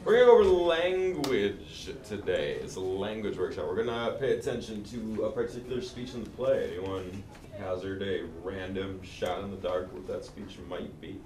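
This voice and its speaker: A young man leading a theater workshop, relaxed, asking the class questions. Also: lowish voice, normal speed, few pauses. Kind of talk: casual classroom teaching. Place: school classroom. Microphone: far camera. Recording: echoey classroom, distant, noisy.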